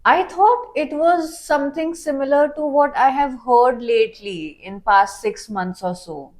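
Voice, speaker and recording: A woman's voice: high-pitched, a little slow, darkish tone, rough recording. A woman co-hosting a music reaction video, chatting casually and laughing easily. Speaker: co-host of a reaction channel.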